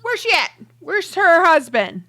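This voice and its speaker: A woman's voice: very high-pitched, sing-song, unhurried, a bit bright. A woman hosting a casual let's play, chatting freely and swearing as she narrates the game. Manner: chatty, swears, laughs, voices characters. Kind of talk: casual gameplay commentary.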